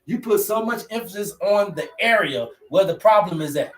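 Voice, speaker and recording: Male host, higher voice; preachy, repetitive livestream teacher addressing viewers. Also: expressive, moderate pace. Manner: preachy, repetitive, slangy, talks to chat.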